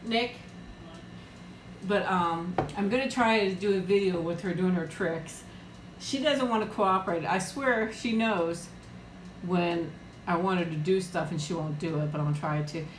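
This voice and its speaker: A woman's voice: lowish voice, normal speed, roomy sound, noisy background. A woman hosting a casual live-chat eating stream from home, talking in a rambling way and laughing often. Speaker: livestream host.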